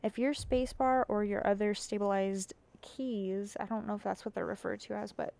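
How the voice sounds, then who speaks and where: A woman's voice: medium pitch, fairly even intonation, moderate pace, creaky, darkish tone. A sleepy woman vlogging casually about her keyboard, rambling and giggly, poking fun at herself. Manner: rambling, giggly, self-mocking.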